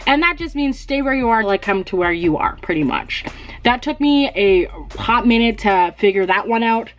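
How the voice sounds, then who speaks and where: Chatty young woman, fairly high voice. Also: expressive, normal speed. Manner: chatty, laughs at herself, swears casually. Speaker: beauty vlogger. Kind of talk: casual DIY tutorial chat.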